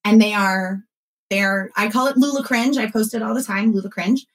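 A woman in her thirties who hosts a podcast, talking casually in an animated way and acting out what others said. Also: mid-range voice, normal speed, poor audio. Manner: animated storytelling, acts out quotes, frequent fillers. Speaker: podcast host and former consultant. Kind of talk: casual conversational interview.

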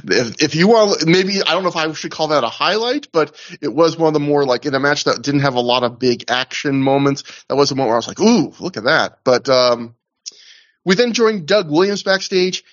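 A man's voice: mid-range voice, fairly bright tone, lo-fi sound. A man co-hosting a casual podcast, rambling through a wrestling show review with lots of fillers and restarts. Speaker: podcast co-host.

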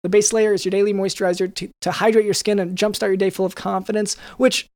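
A man's voice: high voice, flat delivery, fast talker, darkish tone, dry recording, clean studio sound. Rambling man doing a jokey podcast ad read. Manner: rambling, jokey, full of restarts and fillers. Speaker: podcast co-host reading an ad. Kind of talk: improvised comedic ad read.

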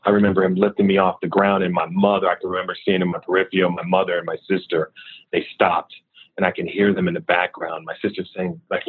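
Husky man on a tinny line. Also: sits low, fast. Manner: candid, steady recounting of hard memories. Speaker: interview guest. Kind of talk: personal storytelling in an interview.

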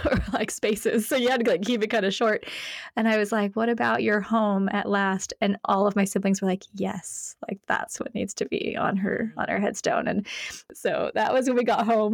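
A woman in her forties talks as a podcast guest, telling family stories with frequent laughter. She slips into playful voices when quoting others. The sound is close and dry, with a mid-pitched voice. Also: no room sound. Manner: warm storytelling, laughs often, acts out quotes. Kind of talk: casual chat.

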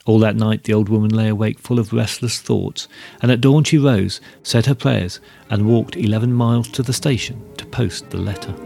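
A man reading a story aloud as narrator, in measured, even storytelling. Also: lowish voice, creaky, soft background music.

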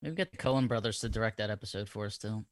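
A man's voice: on the low side, fast, dry recording. A man co-hosting a racing talk show, upbeat and teasing, laughing often in casual chat.

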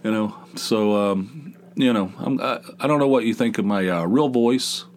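Running his own podcast, a man with a lowish voice talks at a moderate pace. It's a loose, self-mocking monologue full of restarts, all in a big dopey voice.

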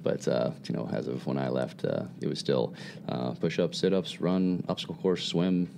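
A man's voice: rumbling low, normal speed, gravelly, darkish tone, slight background noise. A man who is a guest on a podcast, talking candidly and casually, with many restarts and easy laughs. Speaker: guest, former special operations instructor.

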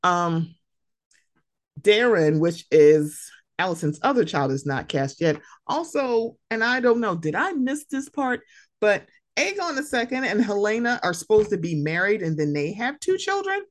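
Animated, profane woman chatting casually. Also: mid-range voice, unhurried. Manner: animated, profane, laughing, acts out quotes. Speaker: podcast co-host. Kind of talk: casual chat.

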